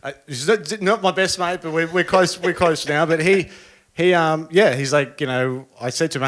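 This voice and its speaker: A man's voice: on the high side, moderate pace, fairly bright tone. An Australian man, a guest DJ in casual chat, telling a long story with many restarts and fillers.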